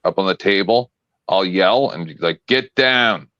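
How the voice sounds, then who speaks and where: A man's voice: deep voice, moderate pace, dry recording. A man in casual chat on a stream, rambling, blunt and joking, with many restarts. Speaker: co-host. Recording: dull lo-fi sound.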